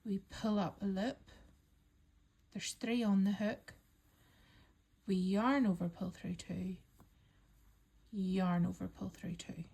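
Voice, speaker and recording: A woman calmly talking learners through a crochet pattern step by step, counting stitches aloud and reassuring them. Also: medium pitch, takes it slowly, vocal fry, long pauses, husky. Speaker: crochet instructor. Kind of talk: step-by-step craft tutorial.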